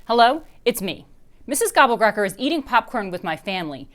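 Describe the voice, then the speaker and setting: A bossy, dramatic little girl whose voice jumps high and loud, as a woman reading a children's book aloud puts her on. She sounds insistent and full of fuss. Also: very animated, brisk. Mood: pleading.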